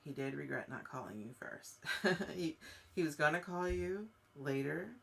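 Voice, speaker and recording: Halting, gravelly-voiced woman medium. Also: low-pitched. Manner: halting, searching speech full of fillers; speaks directly to a viewer. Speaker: psychic medium host. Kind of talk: live-streamed spirit reading.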